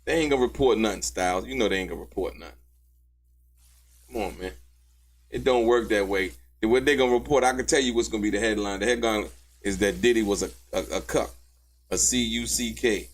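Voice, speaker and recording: A man's voice: on the low side, a little fast. A man hosting a commentary show, talking emphatically and in slang about courtroom testimony and calling out to his viewers. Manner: animated, emphatic and slangy, calls out to viewers by name. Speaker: host and commentator. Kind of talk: commentary on trial testimony to a live audience.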